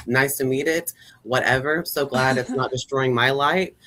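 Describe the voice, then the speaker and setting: A man on a casual live stream panel chat, rambling quickly about the spiritual world. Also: mid-range voice, pushed and bright, slight background noise. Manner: rambling, fast spiritual talk.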